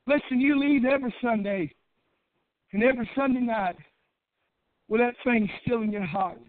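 A middle-aged man preaching a Baptist sermon in a fervent cadence that builds to shouting. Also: extremely high pitch, a little slow, pauses often, dry recording. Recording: dry, tinny phone-like church recording.

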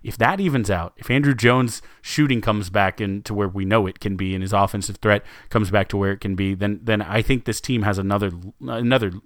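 A man with a fairly low voice talks basketball in easy, rambling podcast chat, looping back with fillers and restarts. The sound is dry and close, with no room around it. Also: steady tone, a little fast, hardly any pauses, no echo. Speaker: sports podcast co-host. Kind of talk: casual sports chat.

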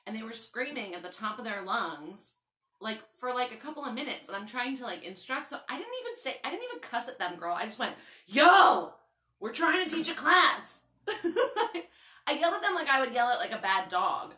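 Young woman, podcast host, bright voice, animated, laughs a lot, casual swearing, echoey room. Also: on the high side, fast. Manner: animated storytelling, laughs often, swears freely. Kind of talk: casual chat.

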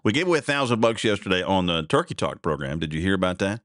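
This is a middle-aged man hosting his radio show, rambling and folksy, tripping over his words as he chats. His voice sits fairly low. The sound is dry and close, with no room behind it. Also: very animated, quick pace, fairly bright tone, dry recording. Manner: rambling, chatty, folksy with many restarts. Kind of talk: casual radio talk.

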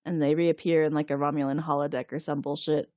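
A woman's voice: low-pitched, fast, no room sound, clean studio sound. A woman co-hosting a podcast, casually recapping a TV episode and acting out the characters' lines with laughs. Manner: animated retelling, acts out lines with laughs. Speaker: podcast co-host.

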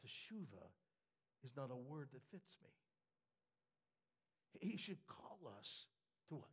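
A man preaching a sermon with passion, halting and repeating words, dropping to whispers and rising to shouts. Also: a little high, very animated, vocal fry, slightly rough. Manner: impassioned, swings from hushed whispers to shouts. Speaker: pastor. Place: church with a screen for the congregation.

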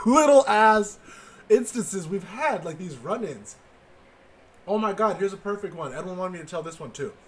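A man's voice: a little high, background noise. A man in his twenties casually telling a story from his childhood, swearing often and laughing at his own story. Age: 20s. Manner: profane, laughing, animated storyteller.

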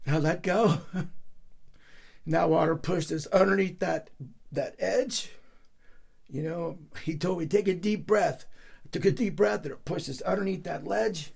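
Gravelly-voiced man preaching an emotional sermon. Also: high voice, moderate pace, a little mellow. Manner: heartfelt, gets emotional telling a personal story. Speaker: pastor.

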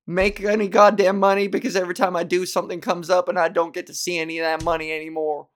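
A woman's voice: fairly low pitch, level tone, fast talker, hardly any pauses. A young adult woman hosting a solo podcast, rambling and ranting with plenty of swearing in casual monologue. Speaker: podcast host.

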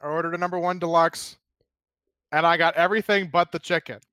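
A man's voice: on the high side, steady tone, brisk, sharp tone, smooth, no echo. A man voicing a fed-up customer complaining bluntly to a manager. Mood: exasperated.

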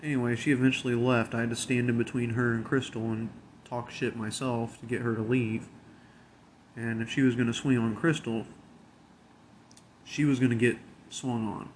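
A man's voice: mid-range voice, level tone, moderate pace. A man with a mid-range voice tells a workplace story, blunt and full of swearing. He drawls along casually, with faint noise underneath. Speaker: convenience store worker.

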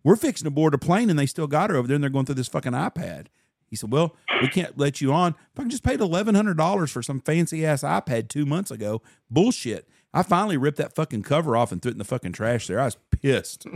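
A man's voice: on the high side, very animated, quick pace, a little mellow, dry recording, studio quality. A man co-hosting a casual podcast, telling stories bluntly with heavy swearing. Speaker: podcast co-host. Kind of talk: casual chat.

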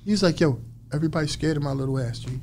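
A man as an interview guest, telling a story in a lively way and acting out other people's lines. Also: on the high side, racing, slight background noise. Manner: animated storyteller acting out quotes.

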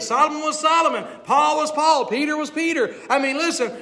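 High-voiced preaching man. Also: a bit bright. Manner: preaching with call-and-response "Amen?"; reads King James scripture aloud. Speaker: pastor. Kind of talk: sermon.

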